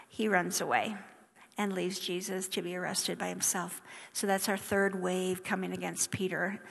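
A woman preaching a sermon, reading scripture aloud with emphatic rises and soft hushed drops. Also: lowish voice, fairly even intonation, normal speed, creaky. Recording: long hall reverb.

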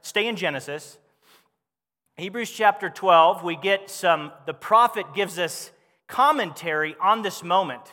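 Male pastor, high forceful voice, animated conversational sermon, church-hall reverb. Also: unhurried.

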